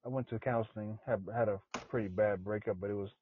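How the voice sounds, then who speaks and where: A man from South Central Los Angeles, a podcast guest telling his personal story in an earnest, halting way. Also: fairly low pitch, fairly even intonation, a little hiss or hum. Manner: earnest, repeats himself, halting. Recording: tinny phone-like line.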